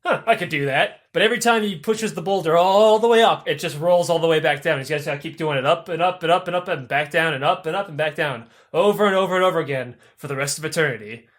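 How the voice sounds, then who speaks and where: A young man with a high voice hosts a podcast and retells old myths in a loose, comedic way. He swears freely, stays animated, and often breaks into laughter. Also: quick pace, hardly any pauses. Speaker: podcast host. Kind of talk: comedic casual storytelling.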